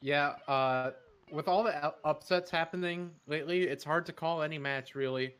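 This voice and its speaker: A man's voice: fairly high pitch, normal speed, fairly bright tone, clear, resonant tone. A man co-commentating a speedrun, laid-back and hesitant, with lots of fillers. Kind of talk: casual esports commentary.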